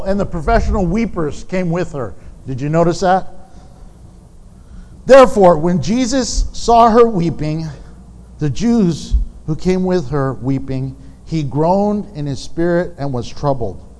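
A man's voice: fairly high pitch, animated, unhurried, darkish tone. A man preaching a sermon in a candid, conversational way, with frank asides to the congregation. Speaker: pastor. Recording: long reverb of a large hall.

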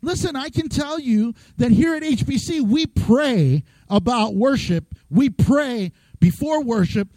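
A middle-aged man preaching a lively, joking sermon as pastor, acting out quoted voices. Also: very high voice, unhurried, few pauses, no room sound, low-quality recording.

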